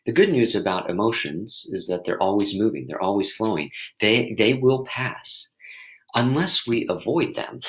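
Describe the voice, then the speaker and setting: A man talking gently as a mindfulness teacher, leading listeners through a reflective exercise and often restarting his sentences as he searches for words. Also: lowish voice, animated, a little slow, rough recording. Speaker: mindfulness teacher and podcast host.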